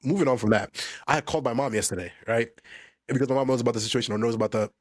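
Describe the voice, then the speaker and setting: Male podcast co-host, quick animated storyteller, dry sound. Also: medium pitch, no room sound. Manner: animated storytelling, slangy, laughing often. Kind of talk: casual chat among friends.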